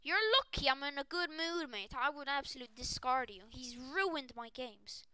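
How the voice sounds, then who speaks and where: Shrieking excitable young woman streamer. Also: high-pitched, normal speed, dry recording. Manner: shrieking, excitable, often breaks into shouts. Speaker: gaming streamer. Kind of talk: excited live pack-opening stream.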